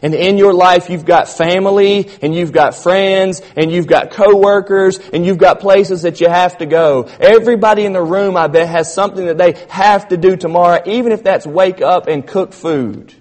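A high, somewhat mellow voice preaches at normal speed with hardly any pauses, echoing through a reverberant church sanctuary. The pastor calls his listeners "church" and presses his points harder as he goes.

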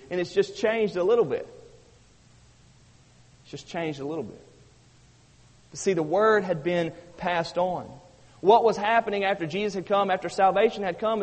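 A man's voice: on the high side, fast. A man preaching a sermon as pastor, emphatic and repetitive, rising and falling for emphasis. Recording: long reverb of a hall.

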